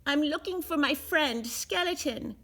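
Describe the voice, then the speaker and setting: A woman's voice: high voice, animated, unhurried, a bit bright, pitched above the performer's own voice, heavily acted. A woman voicing a timid little male goblin, earnest and small-voiced, in a read-aloud storybook. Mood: hopeful.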